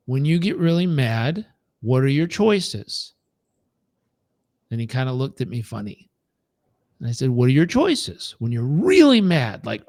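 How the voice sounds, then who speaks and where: Animated man coaching, dry close sound. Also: no echo. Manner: animated, acts out quoted voices with big pitch jumps. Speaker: coach leading a live training. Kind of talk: live training talk with storytelling.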